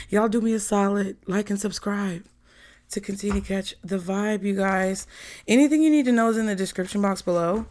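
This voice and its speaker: A tarot reader chats her way through a reading, speaking directly to her viewers, calling them "y'all" and "child," and laughing often. Her mid-range voice has a darkish tone, with slight background noise in the recording.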